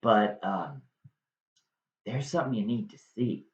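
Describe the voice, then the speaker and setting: A man's voice: lowish voice, animated, unhurried. A man doing a sly, scheming villain. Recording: dull echoey room recording.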